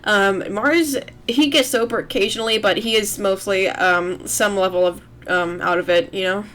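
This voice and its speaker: A woman's voice: medium pitch, steady tone, moderate pace, fairly bright tone. A young woman streaming as she draws, chatting in a loose, rambling and self-deprecating way at her computer. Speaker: artist streaming while drawing. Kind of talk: casual livestream chat.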